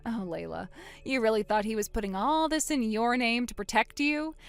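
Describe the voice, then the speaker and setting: A woman voicing a calm, vengeful young woman who coldly springs a trap on her sister in a text-story drama. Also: fairly high pitch, normal speed, smooth, faint music behind, lightly acted. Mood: cold triumph. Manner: cool, quiet, coldly sarcastic.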